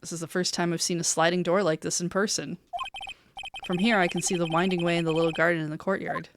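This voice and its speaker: A woman's voice: on the low side, steady tone, quick pace, slight background noise. A woman streamer reading a game's dialogue aloud, dropping wry joking asides. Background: game music.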